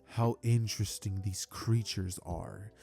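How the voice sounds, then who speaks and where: A man's voice: fairly low pitch, fairly even intonation, takes it slowly, creaky, mellow, soft background music, voice pushed down. A man voicing a young alien boy who talks hesitantly and stammers. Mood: wondering.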